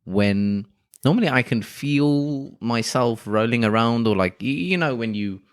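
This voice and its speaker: A man's voice: medium pitch, measured pace, clear, resonant tone, dry recording, clean studio sound. A man co-hosting a podcast, telling stories in a rambling, hesitant way with many fillers. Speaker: podcast co-host. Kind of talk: casual podcast chat.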